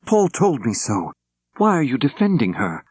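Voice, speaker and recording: A man voicing a composed, scornful woman who speaks in a cool, cutting, deliberate way. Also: mid-range voice, wildly swooping pitch, slightly rough, dry recording, voice pushed up. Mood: accusing.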